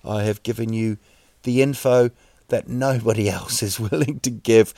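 A man hosting a podcast, delivering a rambling, wry comic monologue full of halting restarts. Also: mid-range voice, steady tone, vocal fry, mellow, dry recording, clean studio sound. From New Zealand. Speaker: podcast host.

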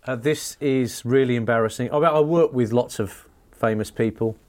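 A man's voice: medium pitch, moderate pace. A man who is a sports radio presenter, telling a self-deprecating story on a comedy panel show.

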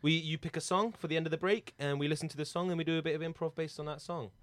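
A man's voice: on the high side, steady tone, very fast, fairly bright tone, no echo. A man hosting a comedy podcast, chatty and self-mocking. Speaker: podcast host. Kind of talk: casual chat.

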